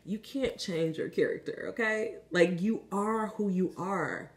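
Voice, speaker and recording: A woman's voice: fairly low pitch, lively intonation, moderate pace. A woman giving a casual spiritual card reading, talking candidly and coaching the listener, with frequent fillers and some swearing. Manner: chatty and candid, swears freely, many "like" fillers; coaching, asks the listener if they understand. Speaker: spiritual reader.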